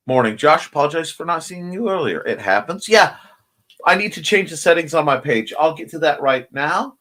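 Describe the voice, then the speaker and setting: In a fairly bright voice on the high side, the sleepy host of a morning livestream show yawns his way through greeting viewers and reading their comments. He rambles and jokes from a room at home next to a window.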